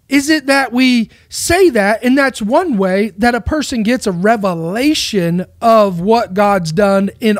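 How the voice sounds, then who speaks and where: A man's voice: very high-pitched, no echo, clean studio sound. A man giving a casual, rambling monologue on faith, with many rhetorical questions. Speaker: Christian speaker.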